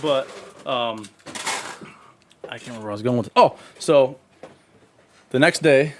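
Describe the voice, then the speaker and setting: A man's voice: medium pitch, normal speed, noisy background. A man co-hosting a casual podcast, telling rambling, profane stories and laughing through them. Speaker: podcast co-host. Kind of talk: casual storytelling chat.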